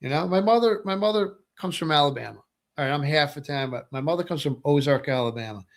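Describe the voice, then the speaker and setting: Speaking quickly in a slightly high voice, a middle-aged man hosts a webcast and rambles casually about politics. He repeats himself and tosses in "right?" again and again.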